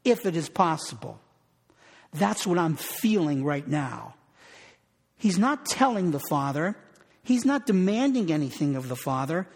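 A man preaching a sermon in an earnest way, repeating phrases for emphasis. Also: high-pitched. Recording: long reverb of a large hall.

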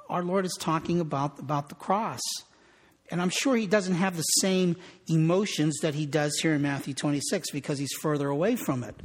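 A man preaching a sermon in an earnest way, repeating phrases for emphasis. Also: a little high. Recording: long reverb of a large hall.

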